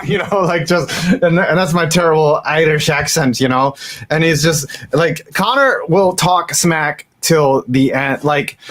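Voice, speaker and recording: Man, casual sports-chat host, rambling storyteller, slightly high voice. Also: fairly bright tone.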